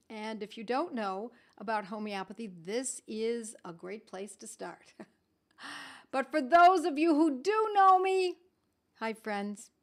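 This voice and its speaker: Chatty woman hosting a live stream. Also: mid-range voice. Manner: chatty, reads out viewer comments with laughs. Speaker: host of a weekly live stream. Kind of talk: casual live-stream greetings.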